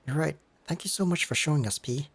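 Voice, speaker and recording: A man's voice: a little high, quick pace, creaky, slight background noise, pitched above the performer's own voice. A man voicing a polite, earnest young boy hero in his own near-plain voice while reading game dialogue.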